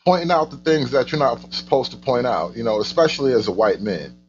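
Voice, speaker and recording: A man's voice: medium pitch, expressive, a little fast, darkish tone, highs cut off, a little hiss or hum. A man hosting a casual reaction commentary, stumbling over and repeating his words, with mock outrage and sarcasm. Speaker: host of a political commentary channel.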